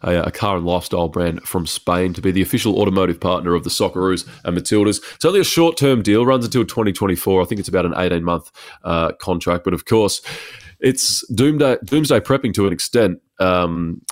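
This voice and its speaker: Male co-host, deep voice, rapid brisk newsy delivery. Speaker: podcast co-host. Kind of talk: sports news chat.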